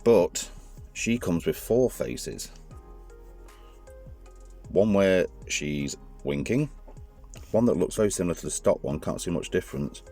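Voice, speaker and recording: A man with a very low, deep voice talks through a hands-on toy review in a loose, rambling way, often correcting himself mid-sentence. Faint music plays underneath. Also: animated, measured pace, pauses often, dark tone. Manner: chatty, rambling, self-correcting.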